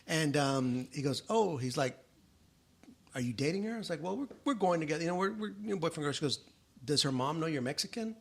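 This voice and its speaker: A man's voice: fairly high pitch, fast talker, gravelly. A middle-aged man hosting a podcast, telling family stories in casual chat and acting out the voices of the people in them. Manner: animated, acts out quoted voices in his stories.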